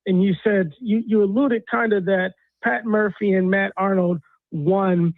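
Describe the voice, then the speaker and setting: High-voiced man ranting over a phone line. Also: steady tone, measured pace, dry recording. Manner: fired-up, ranting, exasperated. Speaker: caller. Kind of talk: heated sports radio call.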